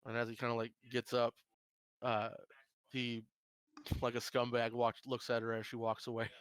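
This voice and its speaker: A man's voice: mid-range voice, completely flat delivery, moderate pace, fairly bright tone, clean tone, no echo, rough recording. A man narrating a tabletop game as game master, rambling with many fillers.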